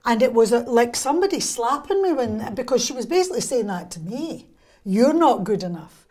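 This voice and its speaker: A Scottish woman from Scotland, a guest in an interview, talking in a casual way and telling lively stories with quick, wry humour. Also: on the high side.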